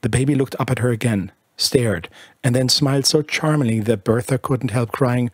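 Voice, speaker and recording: A man narrating a literary short story in a measured, lyrical reading. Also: mid-range voice, husky, dry recording. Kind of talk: scripted audiobook narration.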